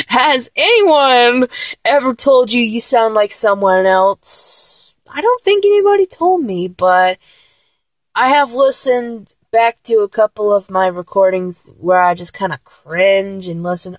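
A woman's voice: fairly high pitch, expressive, takes it slowly, no room sound. A 24-year-old woman with a mature-sounding voice chats casually, rambling and joking as she answers a questionnaire. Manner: rambling, giggly, jokey. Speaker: solo vlogger answering a questionnaire. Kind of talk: casual chat.

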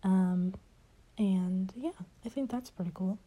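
A young woman answering questions in a casual chat, hesitant and rambling with many fillers and soft laughs, her voice a bit stuffy as if she has a cold. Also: mid-range voice, takes it slowly, husky. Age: young adult.

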